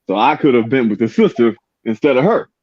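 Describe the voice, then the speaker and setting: A man chats casually and tells personal stories, animatedly acting out the voices of the people in them. His medium-pitched voice runs a little fast, and the recording sounds dull and lo-fi.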